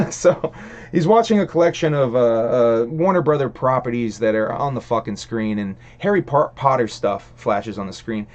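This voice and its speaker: A man's voice: mid-range voice, moderate pace, darkish tone, dull audio. A man hosting a livestream, ranting in a casual, rambling way, swearing a lot and laughing between thoughts. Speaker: stream host.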